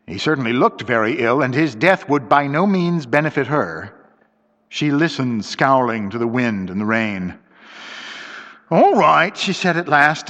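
A man narrating a mystery story in a measured, dramatic way, on a dull lo-fi recording with long reverb. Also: medium pitch, fairly bright tone.

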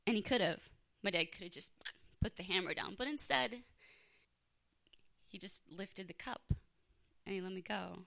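A woman's voice: medium pitch, moderate pace, creaky, long pauses, fairly bright tone. A young woman telling a candid personal story on stage at a live storytelling event, self-mocking and laughing through the hard parts.

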